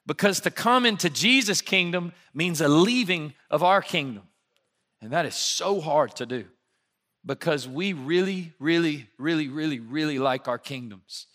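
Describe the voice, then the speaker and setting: A man from Alabama in his thirties, a pastor giving a sermon in a conversational, animated storytelling way. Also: on the high side, moderate pace.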